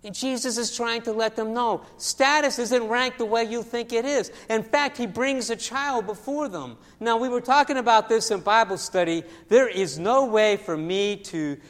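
A man preaching a sermon as pastor, telling stories in a lively way and often repeating his words. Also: very high-pitched, normal speed, hardly any pauses. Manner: storytelling, animated with acted voices, repeats words. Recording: long hall reverb.

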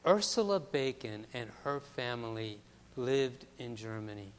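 A man preaching a sermon as pastor, telling a story that swings from hushed passages to loud, emphatic ones. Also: medium pitch, animated, measured pace, smooth, long reverb tail.

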